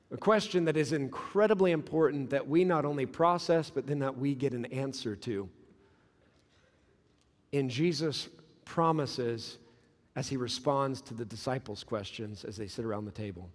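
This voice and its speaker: Pastor in his 30s, high voice, chatty sermon delivery with long church reverb. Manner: conversational, builds through repeated phrases. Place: church sanctuary.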